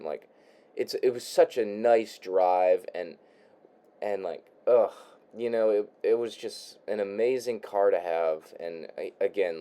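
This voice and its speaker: A young man talks off the cuff in his room, his voice low and mellow. He trips over his own words, repeats himself and sighs, dropping in casual swears as he goes. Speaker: vlogger. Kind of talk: rambling casual monologue while crafting.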